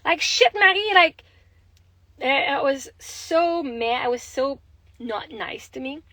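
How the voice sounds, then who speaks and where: Slow-paced but expressive, a young Québécoise mother speaks in a high-pitched, pushed, bright voice during a casual phone livestream. She rambles and swears freely with a Québécois French accent, recorded in low quality with no room sound.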